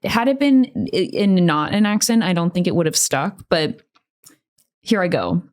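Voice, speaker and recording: A woman's voice: lowish voice, lively intonation, moderate pace, darkish tone. A woman co-hosting a podcast in casual chat, rambling and wry, with many fillers. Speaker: podcast co-host.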